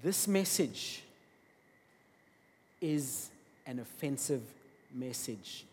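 Guy preaching a sermon, kinda husky, big hall reverb, goes loud then quiet. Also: medium pitch, animated, drawn-out words. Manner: emphatic, swings between loud bursts and quiet asides. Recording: long reverb of a large hall.

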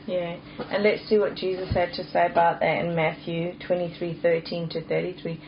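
A woman's voice: lowish voice, flat delivery, moderate pace, hardly any pauses. A woman co-hosting a casual Bible discussion, reading scripture aloud with emphatic punch and laughing often. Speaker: Christian podcast co-host. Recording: dull lo-fi sound with faint hiss.

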